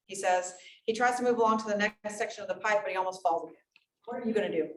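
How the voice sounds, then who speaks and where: A woman's voice: mid-range voice, fast. A woman giving a workplace safety presentation, talking conversationally and putting questions to the audience. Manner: conversational, asks the room questions. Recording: echoey room, mic at a distance, faint noise.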